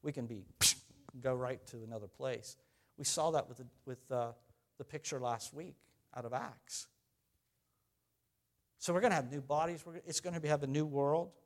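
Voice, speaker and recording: A middle-aged man preaching a sermon as pastor, talking in a conversational way, asking the congregation questions and swinging from loud to quiet. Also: medium pitch, normal speed, long pauses.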